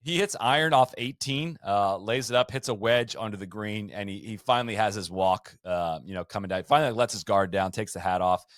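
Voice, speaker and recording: A man's voice: on the low side, brisk, hardly any pauses, no echo, clean studio sound. A man hosting a podcast, telling golf history in a casual, storytelling way and reading out quotes and stats. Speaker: podcast host.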